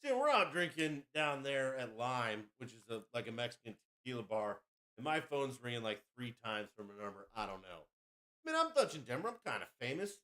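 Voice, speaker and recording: A man's voice: medium pitch, sing-song, brisk, bright, forceful tone. A man hosting a podcast, telling a rowdy story in a crude, boastful, casual way. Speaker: podcast host.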